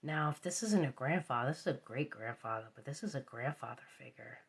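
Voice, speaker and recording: A woman's voice: very deep voice, animated, fairly quick, vocal fry, husky. A woman giving a live tarot reading, repeating her phrases and sometimes dropping into a whisper. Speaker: tarot reader.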